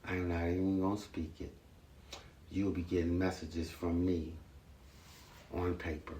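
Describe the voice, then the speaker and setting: A very low-voiced man speaks earnestly and repeats himself as he talks to his sons at home. He is heard from across an echoey room with a faint hiss underneath. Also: level tone, unhurried, warm tone, recorded from a distance. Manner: earnest, repetitive, plain-spoken. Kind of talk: home family talk, lecturing and apologizing.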